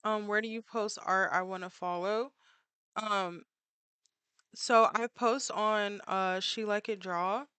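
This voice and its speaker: A woman's voice: medium pitch, fairly even intonation, takes it slowly, bright, forceful tone, clear, resonant tone, no echo. A woman artist chatting casually and playfully with her viewers while she draws, full of filler words. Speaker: artist streaming while drawing. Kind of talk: casual livestream chat with viewers.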